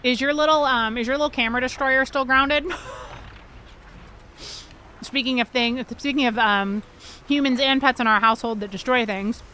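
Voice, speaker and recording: Chatty gamer girl on stream, high bright voice, curses a lot, faint hiss behind her. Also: steady tone. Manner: chatty, swears freely, quick reactions to the game. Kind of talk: casual gameplay livestream chat.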